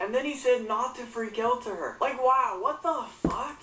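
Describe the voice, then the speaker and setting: A woman's voice: fairly high pitch, measured pace, few pauses, a bit bright, recorded from a distance. A woman recounting a news story and reacting with indignation and frequent swearing. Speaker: commentator. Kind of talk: reaction commentary. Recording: roomy echo, off-mic, faint hum.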